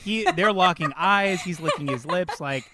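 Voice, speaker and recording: Playful man podcast co-host, higher voice. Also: normal speed, noisy background. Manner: joking, acts out quoted lines with mocking voices. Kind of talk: casual film discussion.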